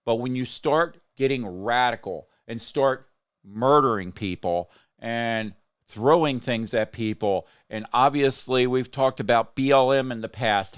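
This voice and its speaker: A man's voice: mid-range voice, unhurried, clear, resonant tone, no room sound, clean studio sound. A man hosting a casual political podcast, rambling and getting heated and indignant. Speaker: podcast host.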